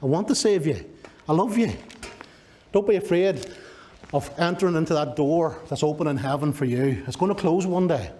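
A pastor from Northern Ireland, with the accent to match, preaches a sermon in a voice on the high side, mellow and moderately paced. He's emphatic, repeating key words to drive them home.

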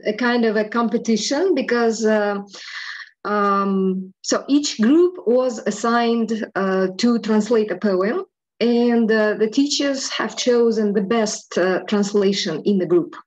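A woman's voice: mid-range voice, takes it slowly, a little mellow, rough recording. A woman teacher moderating an online event over a video call, hesitant, with many fillers.

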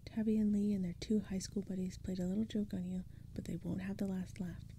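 A woman voicing a flustered, angry young boy in a whispered role-play, with a soft, breathy whisper. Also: mid-range voice, level tone, fairly quick, slight background noise, lightly acted. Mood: seething.

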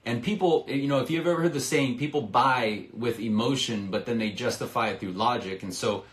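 Energetic man coaching sales, roomy sound. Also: mid-range voice, brisk. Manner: energetic, persuasive, acts out sales dialogue. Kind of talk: live-stream sales lesson.

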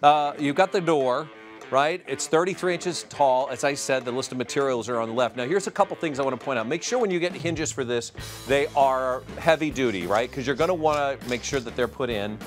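A middle-aged man from Iowa, co-hosting a studio lifestyle show and explaining a DIY project in a relaxed, folksy way. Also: mid-range voice, brisk, faint music behind. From Iowa, United States. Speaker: show co-host doing a DIY segment. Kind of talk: casual studio chat and how-to demonstration.

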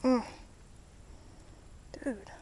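In a very noisy recording, a woman draws out her words while vlogging by the water. She casually narrates each fish she lands and chats to them as she unhooks them.

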